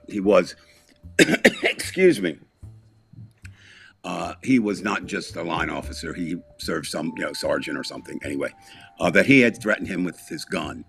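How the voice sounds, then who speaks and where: A man's voice: deep voice, gravelly, a bit bright. A man chatting casually as a podcast co-host, telling a long story in a rambling way with restarts, asides and small chuckles.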